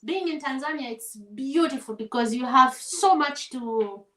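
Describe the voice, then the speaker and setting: Lady singer chatting over a meal, high voice, laughs a lot, echoey room. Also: a little slow, a little hiss or hum. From Zambia. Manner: animated storyteller, laughs often, acts out voices. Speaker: guest singer. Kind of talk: casual storytelling conversation. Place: home setting over a shared meal.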